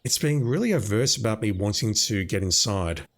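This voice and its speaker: Man, let's play commentary, casual, thinking aloud, fairly low voice. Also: animated, normal speed.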